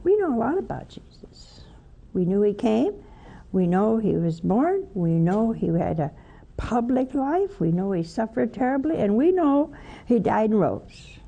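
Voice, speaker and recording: Woman, religious sister, soft dark tone, chatty homily delivery with rhetorical asides. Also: on the high side, big pitch swings, a little slow, creaky, long pauses. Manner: folksy storytelling with rhetorical questions. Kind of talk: homily-style spiritual talk.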